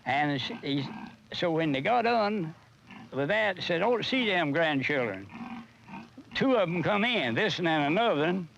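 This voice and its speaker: An older man, telling a story in a halting, stumbling way in a documentary interview. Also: on the high side, lively intonation, gravelly, fairly bright tone, a little hiss or hum. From North Carolina. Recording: dull lo-fi old film sound.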